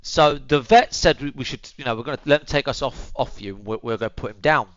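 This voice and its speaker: A young streamer swears his way through a story for his viewers, calling them boys and bro and muttering asides while caring for his dog. He speaks quickly in a mid-range, slightly bright voice. There's no echo, and the sound is lo-fi.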